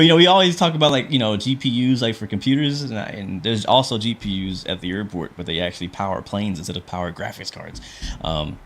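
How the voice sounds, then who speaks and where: A man with a lowish voice chats casually through a livestream, narrating every step as he goes. His talk is relaxed and loose, full of fillers and restarts, and he stops to answer questions from chat. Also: slight background noise. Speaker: flight sim streamer.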